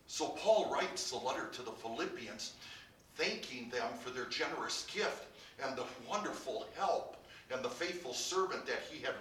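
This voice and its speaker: Slow bright-voiced man preaching a sermon. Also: mid-range voice, recorded from a distance, slight background noise. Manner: preaching with rising emphasis and soft drops. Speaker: pastor. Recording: roomy, from off the mic.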